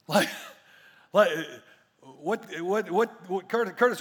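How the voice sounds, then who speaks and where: A man preaching a sermon as pastor, emphatic and repetitive, swinging between hushed asides and loud declarations. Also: high voice, takes it slowly, long reverb tail.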